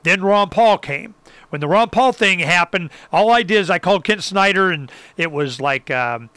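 A man with a high, bright and clear voice, recorded dry and close. He talks casually and animatedly, acting out other people and whooping now and then. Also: lively intonation, moderate pace, dry recording. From Arizona. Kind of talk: casual political talk.

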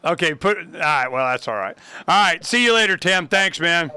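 A man's voice: fairly high pitch, animated, moderate pace, bright, forceful tone, clean tone, dry recording. A man hosting a casual chat, joking and wrapping up with his co-host. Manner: joking, brief interjections. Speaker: podcast host.

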